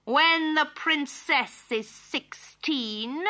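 A woman voicing a vengeful wicked fairy who shrieks and cackles in a slow, menacing way, for a children's storybook tape. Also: high voice, pushed and bright, voice pushed up, full character voice.

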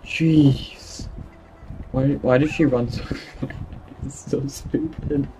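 A man's voice: mid-range voice, fairly even intonation, a little slow, mellow, slight background noise, rough recording. Giggly stammering young gamer guy. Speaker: gaming channel host. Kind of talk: casual gameplay commentary.

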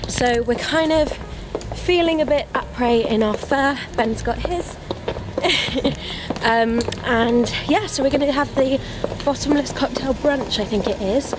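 A woman's voice: sits high, unhurried, background noise. A woman, ill and out of breath, chatting casually to camera as a vlog host with plenty of fillers. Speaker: vlogger host. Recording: loud music behind.

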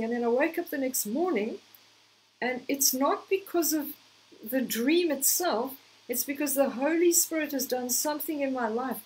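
A woman's voice: high-pitched, a little mellow, a little hiss or hum, poor audio. A woman preaching a sermon in an earnest, exhorting way, telling personal stories to encourage her listeners.

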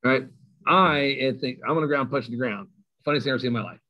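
A middle-aged man with a Kentucky accent, a high school coach telling stories as a guest, self-mocking and laughing often. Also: fast talker. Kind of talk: casual storytelling interview. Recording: slightly dull lo-fi sound.

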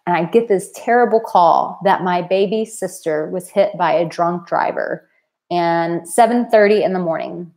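A woman's voice: fairly low pitch, normal speed, gravelly, darkish tone. A woman in her thirties or forties hosting a live stream as a dating coach, talking earnestly and from the heart to her viewers. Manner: earnest, heartfelt, emotional at times. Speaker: dating coach and channel host.

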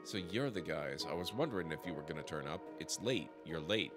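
A man reading the lines of a grumpy, rude male motel clerk in a game, with a gruff, insulting manner. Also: low-pitched, animated, fairly quick. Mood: surly. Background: music.

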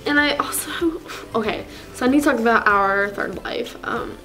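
A woman's voice: a little high, moderate pace, bright, forceful tone, low-quality recording. A woman playing a gushing, clueless teenage fake fan who rambles giddily and gasps between lines, with a faint music bed behind her. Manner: giddy, rambling, gasping fangirl talk. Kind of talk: comedy sketch character.

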